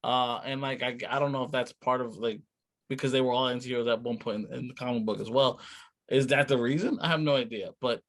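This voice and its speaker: A man co-hosting a casual movie chat, relaxed and a bit hesitant, using many fillers. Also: medium pitch, fast. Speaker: podcast co-host.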